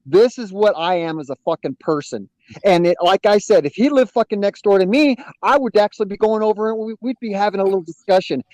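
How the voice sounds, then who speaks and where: A man's voice: high-pitched, brisk, a little mellow, dry recording, low-quality recording. A man arguing heatedly on a live stream, swearing heavily and repeating his points. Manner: heavy swearing, repeats himself insistently. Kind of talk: heated online debate.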